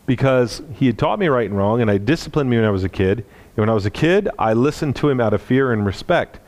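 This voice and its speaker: A male preacher with an average-pitched voice tells a personal story in a sermon. He speaks earnestly and lets his voice sink low and quiet at the tender moments. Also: expressive, fast.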